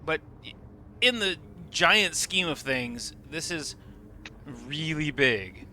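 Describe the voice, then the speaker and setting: His voice is a little high, pushed and bright, with lively intonation and a slow pace. He's streaming a game live, enthusiastically describing what's on screen and swearing casually, with slight background noise.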